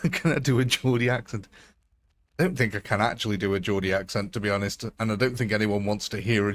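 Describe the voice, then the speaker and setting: A man's voice: fairly low pitch, fairly quick, a bit bright. A man hosting a live game stream in a casual, chatty, jokey way, laughing often.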